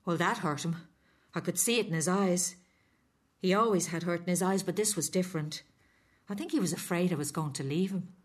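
A woman's voice: lowish voice, brisk, lightly acted. A middle-aged woman with an Irish accent narrating in first person as a resigned, weary foster mother. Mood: rueful.

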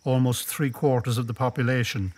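A man presenting a radio documentary in calm, measured scripted narration. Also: medium pitch.

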